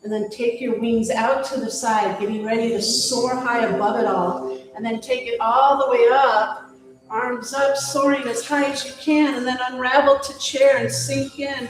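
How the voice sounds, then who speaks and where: A woman leading a yoga class, giving calm, encouraging cues and breath prompts. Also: fairly high pitch, very echoey, poor audio. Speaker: yoga instructor. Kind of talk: guided yoga class instruction.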